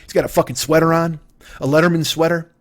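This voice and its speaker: A man's voice: a little high, steady tone, fast. A man in his forties, a podcast host, delivering a rambling, profane comedic monologue that jumps from tangent to tangent. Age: 40s.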